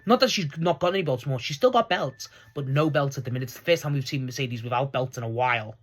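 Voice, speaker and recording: A young man casually recapping a wrestling show, excitable and rambling, laughing often as he talks. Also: mid-range voice, quick pace.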